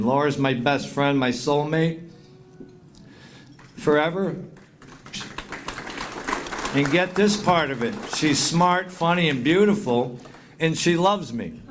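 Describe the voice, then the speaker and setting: A man's voice: medium pitch, a little hiss or hum. A middle-aged man giving a heartfelt acceptance speech at a hall of fame induction, thanking people and reading out long lists of names. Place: induction banquet.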